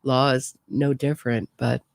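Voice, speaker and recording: A woman's voice: extremely low pitch, little pitch movement, moderate pace, creaky, no room sound, studio quality. A woman hosting a true crime show, chatting casually and amused as she reacts to footage. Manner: amused, chatty, laughs often. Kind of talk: casual live-stream reaction commentary.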